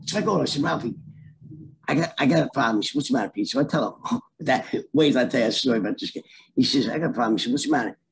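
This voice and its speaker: A man's voice: medium pitch, very fast, creaky, slight background noise, poor audio. A middle-aged man telling a story in a casual, streetwise way and acting out the voices in it. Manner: animated, streetwise, acts out voices in his stories. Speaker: storyteller guest.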